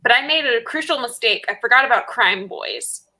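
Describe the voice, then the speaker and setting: A woman's voice: fairly high pitch, lively intonation, moderate pace, pushed and bright, poor audio. A woman in casual chat on a video call, gushing and playfully dramatic, laughing often. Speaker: indie bookseller guest.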